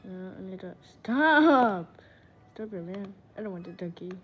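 A woman's voice: fairly low pitch, fairly even intonation, fast talker, mellow, slight background noise. A woman giving silly, playful game commentary, giggling and repeating herself. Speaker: gaming channel host.

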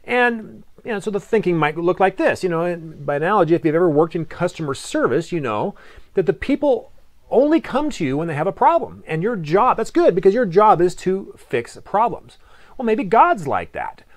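A man preaching a sermon in a conversational way, asking rhetorical questions and reading scripture aloud slowly. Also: high-pitched, big pitch swings. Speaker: pastor.

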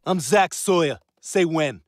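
A man voicing a loud, overeager young hopeful at an audition, bragging in rapid-fire bursts. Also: on the high side, animated, noisy background. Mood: boastful.

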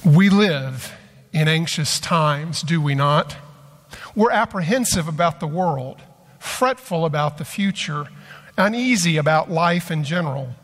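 A high-voiced man delivers a sermon at an unhurried pace, telling a story slowly and deliberately. His voice carries a long church-hall reverb. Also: expressive, fairly bright tone. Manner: slow, measured storytelling delivery. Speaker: pastor. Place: church sanctuary.

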